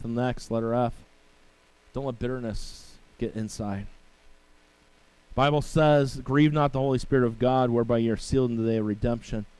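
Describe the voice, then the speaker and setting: His voice is medium-pitched, smooth, and darkish as he preaches in a conversational style, often checking in with "right?" and wandering into asides. Scripture is read in the King James version. The recording is rough.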